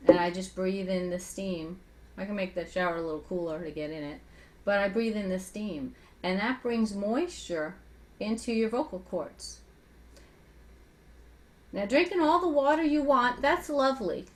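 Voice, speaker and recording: A woman voice coach, once a singer, talking in a chatty teaching style and asking rhetorical questions as she explains how to use the voice. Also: medium pitch. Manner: speaks with a singer's trained voice. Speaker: voice coach guest. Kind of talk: conversational teaching with vocal demonstrations.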